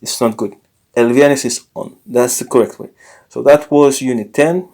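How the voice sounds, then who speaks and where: A man teaching a casual language lesson, explaining slowly with many fillers and self-corrections. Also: mid-range voice, steady tone, darkish tone.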